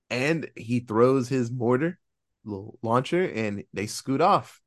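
A male podcast co-host reviewing a film casually retells its plot with lively storytelling, voicing the characters' lines and tossing in sarcastic cheers and the occasional swear. His voice is mid-range and his pace slow.

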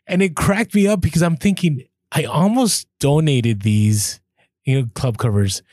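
Speaking at a measured pace in a slightly high voice, a male podcast co-host chats casually and tells animated stories, acting out the exchanges he quotes. The recording is dry and studio quality.

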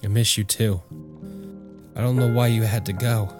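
A man voicing a worn-down, grieving military commander who speaks softly and haltingly. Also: on the low side, fairly even intonation, music in the background, lightly acted. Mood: hushed, grieving. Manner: soft, halting, stammering.

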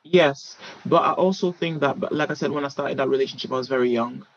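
Lively young woman telling her dating story. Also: a bass voice, fast, a little hiss or hum. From Europe. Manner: animated, acts out past conversations, laughs often. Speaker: anonymous guest. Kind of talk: candid personal storytelling. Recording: dull lo-fi sound.

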